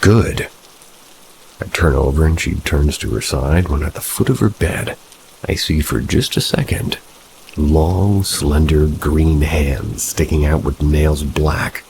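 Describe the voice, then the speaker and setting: A man with an extremely deep, gravelly voice reads first-person horror stories in a steady, measured way. Soft rain patters faintly behind him. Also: a little hiss or hum, low-quality recording. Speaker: horror story narrator.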